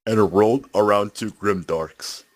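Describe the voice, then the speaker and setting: A man's voice: lowish voice, a little slow. A man in a casual group voice chat, reading another member's typed messages aloud, laughing often and stumbling over words. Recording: voice chat over headset mic.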